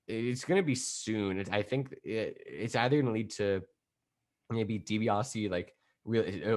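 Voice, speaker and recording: A young man co-hosting a casual wrestling podcast, rambling excitedly and laughing often. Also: deep voice. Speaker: podcast co-host.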